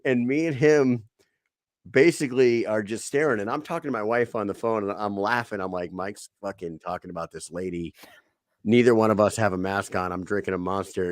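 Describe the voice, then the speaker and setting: Low-voiced host, dry close sound. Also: male voice, fairly quick, dry recording. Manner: storytelling, animated. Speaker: podcast host. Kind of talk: casual interview chat.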